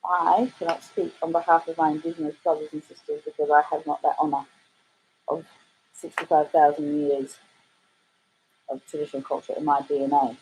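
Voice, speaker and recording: A woman's voice: flat delivery, brisk, darkish tone, a little hiss or hum, rough recording. A middle-aged Australian woman from Western Australia, hosting a casual livestream, reading out comments with a playful, theatrical manner. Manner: playful, theatrical, swoops up high in exclamations. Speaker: livestream host playing records. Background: music playing in the background.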